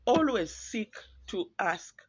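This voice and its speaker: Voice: medium pitch, sing-song, slow pace, breathy edge, no room sound. A podcast host from Zimbabwe, with a Zimbabwean accent, giving earnest, reflective and pointed solo commentary. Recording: dull lo-fi, dry.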